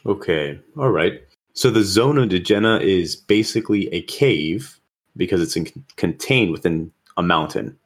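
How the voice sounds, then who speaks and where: A man with a very low voice co-hosts a casual gaming podcast. He talks in a relaxed, explanatory way. He lists details at a measured pace. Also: breathy edge. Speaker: podcast co-host.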